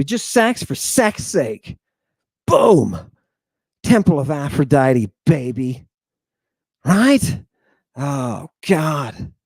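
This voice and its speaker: An excitable man delivers an online lesson, repeating himself for emphasis and swinging between loud outbursts and hushed asides. His voice sits a little high for a man. The sound is dry and close, with no room around it. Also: no echo. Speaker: teacher. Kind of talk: animated online lecture.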